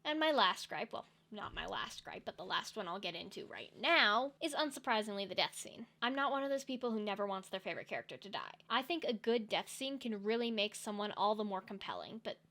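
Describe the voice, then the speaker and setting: A woman's voice: medium pitch, expressive, brisk, few pauses, a bit bright. A young woman giving sarcastic, ranting comedic commentary on films and TV. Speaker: video essay commentator.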